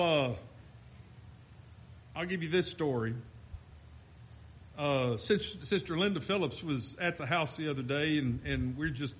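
A man's voice: a little high, a bit bright. A man preaching a sermon, fervent and rising and falling, with frequent restarts.

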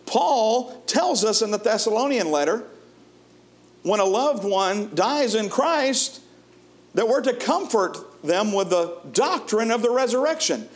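A man preaching a sermon in a folksy way, chuckling often and moving between lively and hushed delivery. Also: very high voice.

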